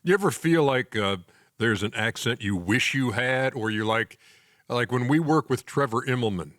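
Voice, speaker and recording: A man's voice: medium pitch, normal speed, fairly bright tone, no room sound, clean studio sound. A middle-aged man hosting a podcast, teasing his co-host and steering the casual chat with questions. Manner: teasing, questioning, leads the conversation.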